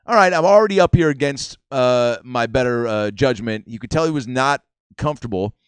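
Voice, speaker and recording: Podcast host, male, mid pitch, dry close sound, lively storyteller. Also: a little fast, smooth, dry recording. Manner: animated storyteller acting out quotes. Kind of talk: casual chat, storytelling. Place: comedy club room.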